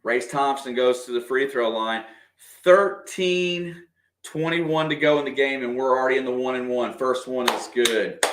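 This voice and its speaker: A man doing casual, partisan play-by-play of a basketball game for a livestream, excitable and quick to react to the officials. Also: medium pitch, background noise. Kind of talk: fan play-by-play commentary. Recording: echoey room.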